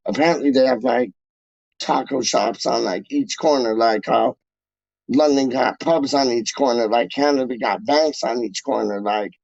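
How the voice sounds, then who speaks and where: A man's voice: medium pitch, normal speed, gravelly, darkish tone, dry recording. A man hosting a casual live stream, rambling in slangy talk full of filler words as he reads out chat messages. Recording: dull lo-fi dry recording.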